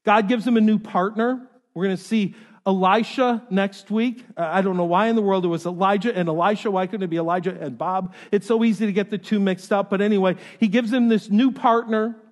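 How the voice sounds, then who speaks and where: A man's voice: sits high, fairly even intonation, fairly quick, few pauses. Man preaching in a reverberant hall. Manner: dynamic, swings from loud urgency to hushed softness; jokey asides to the congregation. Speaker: pastor. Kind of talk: sermon. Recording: long reverb of a large hall.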